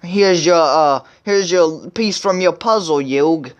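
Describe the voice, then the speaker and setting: A man's voice: fairly high pitch, slow, clear, resonant tone, dull audio. A man voicing a scruffy, apologetic teenage boy in a hammy Brooklyn accent. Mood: sheepish. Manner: hammy, self-mocking impression.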